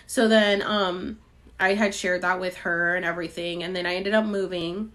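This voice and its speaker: A woman's voice: on the low side, fairly even intonation, a little fast, bright, forceful tone. A young woman hosting a podcast, telling a personal story in a chatty way with lots of fillers. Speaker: podcast host. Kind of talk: casual storytelling.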